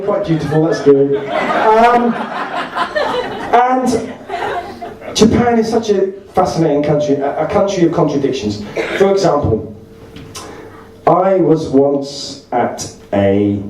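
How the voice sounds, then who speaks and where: A stand-up comedian from Essex, England, in his 40s, tells rambling anecdotes at a party, chatty and often correcting himself. His voice sits fairly high with a darkish tone. He's recorded far from the mic in an echoey large hall, with a crowd and slight background noise.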